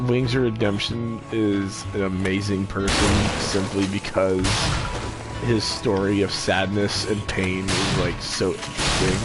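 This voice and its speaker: A man's voice: low-pitched, level tone, a little slow. Rambling young man chatting over a game. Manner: rambling, full of "like" and restarts. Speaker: streamer. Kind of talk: casual chat over gameplay. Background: game music.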